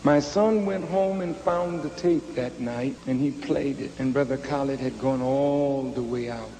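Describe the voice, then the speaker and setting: A man who leads ministers, recounting events in a measured, reflective speech. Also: mid-range voice, dark tone, slight background noise. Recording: long hall reverb.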